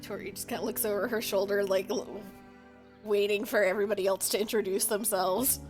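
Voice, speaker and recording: A woman's voice: mid-range voice, steady tone, fairly quick, a little mellow, faint music behind. A woman player in a tabletop game, casually describing what her character does. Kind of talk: tabletop role-play.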